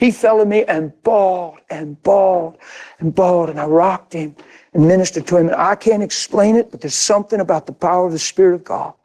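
A man's voice: high voice, a little fast, a little mellow. An older man preaching a sermon, telling a story with emphatic, intense repetition. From grew up in a city. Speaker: pastor.

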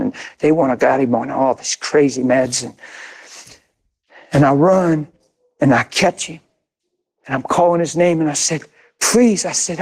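A man's voice: fairly high pitch, a little mellow. An older man preaching a sermon, telling a story with emphatic, intense repetition. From grew up in a city. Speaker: pastor.

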